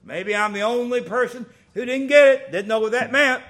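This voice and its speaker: A middle-aged man preaching a sermon, folksy and animated, telling stories with big swings in loudness. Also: very high voice, normal speed.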